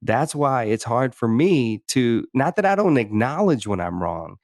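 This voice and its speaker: A podcast host speaks in a mid-range, darkish voice, animated yet a little slow, with clean studio audio and no room sound. In a reflective interview conversation, he thoughtfully talks through personal stories, restarting often and saying "you know" a lot.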